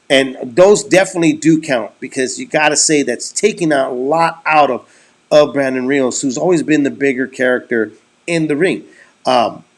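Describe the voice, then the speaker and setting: Rambling young man, slightly higher voice. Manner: rambling, many fillers and restarts. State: dry mouth. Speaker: podcast co-host. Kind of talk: casual boxing commentary over beers.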